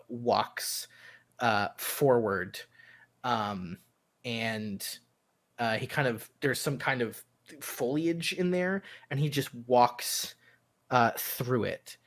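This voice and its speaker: Halting, slow-talking man narrating a game. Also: on the low side. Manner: halting, with many fillers. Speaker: game master.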